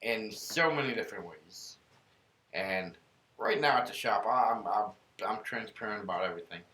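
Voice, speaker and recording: A man's voice: on the low side, moderate pace, sharp tone. A man hosting a casual faith podcast, telling stories in an earnest, rambling way. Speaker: podcast host. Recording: roomy room echo.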